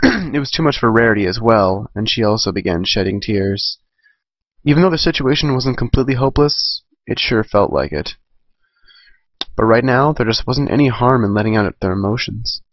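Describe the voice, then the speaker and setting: A man's voice: on the low side, animated, moderate pace, no echo, lo-fi sound. A man reading a fan story aloud in a casual way, correcting himself and adding chatty asides. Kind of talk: amateur fan fiction reading.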